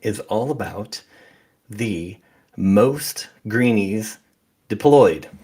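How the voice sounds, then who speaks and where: A man hosting a live awards stream, announcing winners in a relaxed, matter-of-fact way. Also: fairly low pitch, drawn-out words, husky. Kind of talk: casual live chat.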